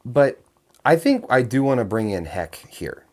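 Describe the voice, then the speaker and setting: A man co-hosting a casual movie-review podcast, animated, with quick interjections and wry asides. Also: medium pitch. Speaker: podcast co-host.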